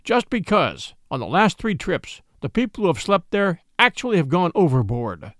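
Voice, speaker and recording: A man voicing a grave, matter-of-fact male ship's doctor who speaks quietly and earnestly. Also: high-pitched, very animated, moderate pace, no room sound, clean studio sound.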